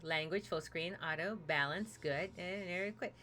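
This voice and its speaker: A woman's voice: lowish voice, a little slow, pushed and bright. A woman streaming a story game, chatting casually and narrating a fairy tale in a playful way, hopping into character voices.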